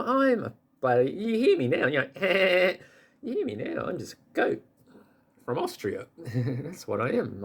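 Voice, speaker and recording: Man, 50s+, rambling vlogger, creaky gravel, pitch leaps when he gets worked up, chuckles a lot. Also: fairly bright tone. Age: 50s or older. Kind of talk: rambling casual monologue.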